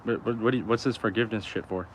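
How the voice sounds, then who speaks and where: A man's voice: fairly low pitch, racing, a little hiss or hum, lightly acted. A man playing God as a chill, swearing creator. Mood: casual, blunt. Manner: blunt and casual, swearing, dismissive. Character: laid-back, profane God, an easygoing male creator.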